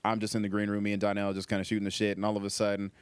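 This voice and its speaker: A man with a low, smooth voice recorded close and dry. He tells a rambling, profane story in casual chat, full of fillers. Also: monotone, rapid-fire, no room sound. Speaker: stand-up comedian guest.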